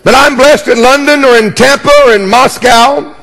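A man's voice: very high-pitched, moderate pace, gravelly, a bit bright, big-room sound. A man preaching a sermon as pastor, emphatic and jokey, repeating key words and calling for responses.

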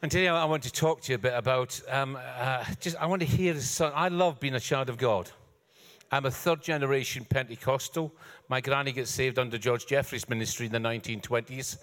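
A man's voice: mid-range voice, brisk, fairly bright tone, in a large hall. An older man, a guest preacher, giving a sermon with joking, self-deprecating asides. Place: church hall.

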